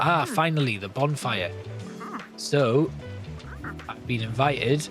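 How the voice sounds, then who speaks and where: A man's voice: medium pitch, slow pace. A man casually commenting on his gameplay, thinking aloud as he plans each move. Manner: thinking aloud, planning, relaxed. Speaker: gameplay host. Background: game music.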